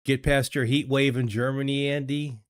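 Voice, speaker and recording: This older man from the US has a clear, resonant, mid-range voice, level in tone and at normal speed. Hosting a casual livestream from his home studio, he reads chat into a desk mic, hesitating, repeating words, and chuckling often, with clean, echo-free studio sound.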